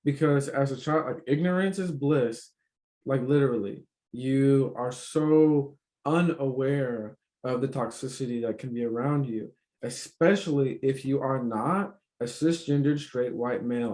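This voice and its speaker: A man's voice: mid-range voice, measured pace, warm tone. A man hosting a casual conversation, talking emphatically with lots of fillers and swearing. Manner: emphatic, profane, filler-heavy. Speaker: podcast host.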